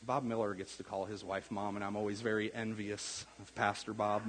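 A man's voice: on the low side, level tone, fairly quick, a bit bright. A man preaching a sermon in a casual, conversational way, acting out the quotes he tells. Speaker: pastor. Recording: reverberant hall.

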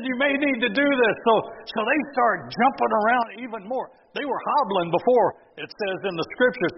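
Male preacher, high-pitched, animated storyteller, slightly muffled sound with faint noise. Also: big-room sound. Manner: storytelling with sarcastic asides. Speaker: pastor. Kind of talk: sermon. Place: church sanctuary.

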